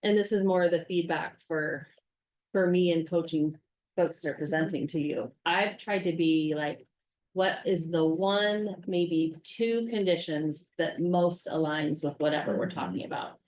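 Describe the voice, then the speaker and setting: Woman, district staffer: slightly low voice, practical and questioning delivery. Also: unhurried, darkish tone. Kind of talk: casual meeting discussion. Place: meeting room.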